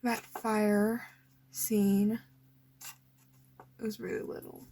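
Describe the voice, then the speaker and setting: A woman's voice: mid-range voice, unhurried, long pauses, background noise. A young woman casually rambling as she flips through her old sketchbooks, nervous and full of fillers. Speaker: artist showing old sketchbooks.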